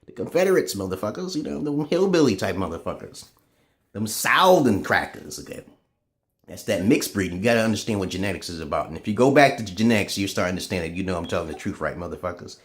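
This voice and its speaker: A man in a casual, profane ranting monologue to camera, swinging between loud outbursts and low muttering. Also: animated, quick pace. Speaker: vlogger.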